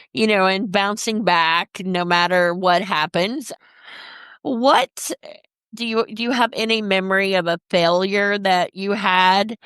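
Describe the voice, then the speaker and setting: A woman's voice: medium pitch, fairly bright tone, smooth, no echo. A woman hosting a podcast interview who asks her questions hesitantly and with fillers. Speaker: podcast host.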